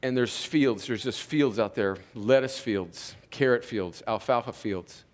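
A man's voice: mid-range voice, measured pace. Earnest preaching man in a reverberant hall. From Southern California. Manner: earnest, conversational preaching, often addressing listeners as friends. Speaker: pastor. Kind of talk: sermon. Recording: long reverb of a large hall.

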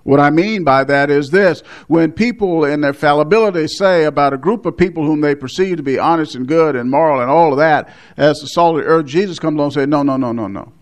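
A male pastor, preaching a measured sermon, with emphatic repetitions. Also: fairly high pitch.

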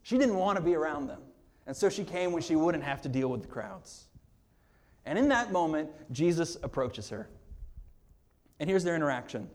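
A man preaching a sermon with a voice pitched a little above most men's. He talks to the congregation conversationally, mixing jokes and laughter with quieter, earnest stretches. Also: sing-song, moderate pace, pauses often. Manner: conversational, with humorous asides and laughs; earnest, drops quiet on serious points. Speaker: pastor.

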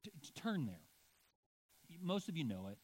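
A middle-aged pastor with a fairly high, darkish voice preaches to a congregation at normal speed, his pitch swinging widely. He talks casually with frequent asides, building up to emphatic points.

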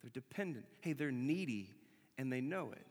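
A man preaching a sermon in a church, talking casually and repeating key phrases slowly for emphasis. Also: mid-range voice, animated, in a large hall. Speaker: pastor. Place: church sanctuary.

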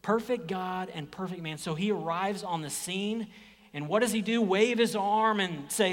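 High-voiced man preaching a sermon. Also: moderate pace, long reverb tail. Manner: swings from hushed whispers to loud emphatic exclamations; acts out quoted speech in lively voices. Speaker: pastor.

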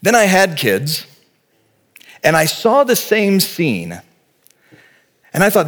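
A man's voice: high-pitched, huge pitch swings, slow, long pauses, a bit bright. A man in his forties, a pastor giving a sermon in a conversational, earnest way, telling vivid stories and speaking plainly to the congregation.

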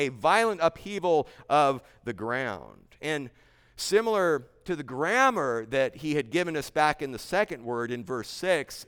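A man preaching a sermon in a smooth, resonant, slightly high voice. He is earnest and emphatic as he walks through scripture verse by verse. The sound carries a long echo of a church hall. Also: a bit bright. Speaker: pastor. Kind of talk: expository sermon.

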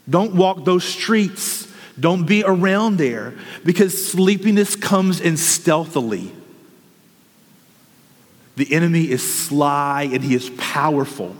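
A man's voice: on the high side, takes it slowly, big-room sound. A man preaching a sermon as a pastor, earnest and urgent, telling vivid stories.

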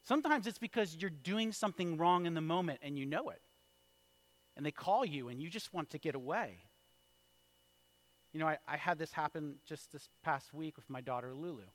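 Male pastor, 30s, fairly high voice, sermon storytelling, drops to a hush and then builds loud. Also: expressive, normal speed. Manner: storytelling with wide swings in loudness, from hushed to shouted.

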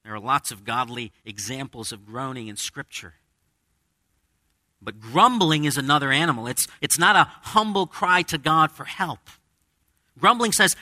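A man's voice: on the high side, expressive, a little slow, bright, forceful tone, dry recording, clean studio sound. A man preaching a sermon as pastor, conversational, with dramatic quoted asides. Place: church with a congregation.

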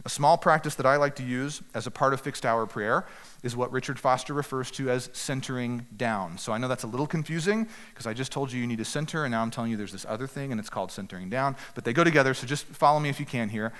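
Man, pastor delivering an earnest, exhorting sermon; average pitch, reverberant hall sound. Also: a bit bright. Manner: earnest, direct exhortation with slow emphatic pauses. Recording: echoey hall with long reverb.

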